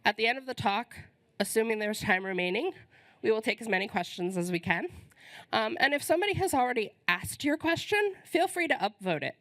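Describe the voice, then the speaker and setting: A woman's voice: a little high, lively intonation, a little fast, a bit bright, dry recording. Woman host losing her voice. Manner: friendly, informal, many ums. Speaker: conference host. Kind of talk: conference welcome announcements. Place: conference hall.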